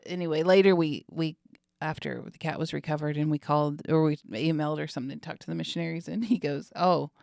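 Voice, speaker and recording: A woman missionary guest telling a funny story in an interview, animated and laughing as she talks. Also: low voice, fast talker, gravelly, no echo, clean studio sound.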